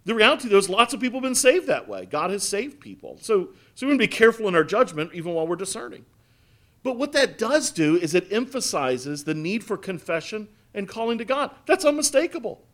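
A man's voice: high voice, big pitch swings, fairly quick, fairly bright tone. A man pastor preaching a sermon to his church, earnest and emphatic, with repeated phrases.

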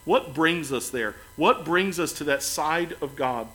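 A man preaching a sermon as pastor, earnest, building to emphatic lines and then dropping soft and quiet. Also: fairly high pitch, expressive, a little slow, rough recording.

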